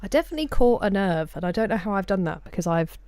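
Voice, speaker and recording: A woman's voice: mid-range voice, lively intonation, fast talker, darkish tone, dry recording. A woman streamer in casual live-stream chat, answering viewers' messages by name at a desk microphone in a room at home.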